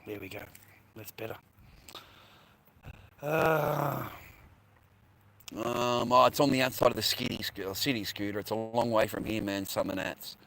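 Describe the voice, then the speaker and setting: A man's voice: fairly low pitch, fairly even intonation, a little slow, gravelly, pauses often, a bit bright, slight background noise, low-quality recording. An Australian man rambling casually to his viewers, swearing freely and full of slang. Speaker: livestreamer chatting with viewers.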